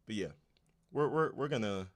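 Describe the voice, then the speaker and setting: A man with a very low voice hosts a casual livestream and chats directly with his viewers. He talks loosely, in slang, with plenty of "you know what I'm saying" asides. Keep it conversational and personal. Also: expressive, moderate pace. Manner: laid-back slang, talks straight to chat. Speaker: livestream host.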